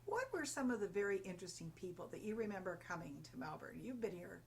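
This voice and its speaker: A woman's voice: mid-range voice, big pitch swings, quick pace, darkish tone, slight background noise. An older woman interviewing a guest for an oral history, prompting him with encouraging questions.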